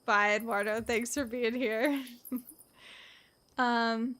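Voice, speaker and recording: A young woman from the American South streaming a point-and-click game, excitable and jokey, laughing and gasping often. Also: on the high side, takes it slowly. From Southern United States. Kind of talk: casual gameplay commentary. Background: faint game music.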